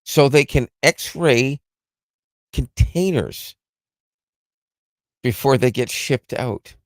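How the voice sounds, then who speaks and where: A man's voice: medium pitch, lively intonation, extremely slow, dry recording, clean studio sound. A man from Canada co-hosting a live podcast, chatting casually and animatedly, joking around and slipping into mock accents. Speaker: podcast co-host.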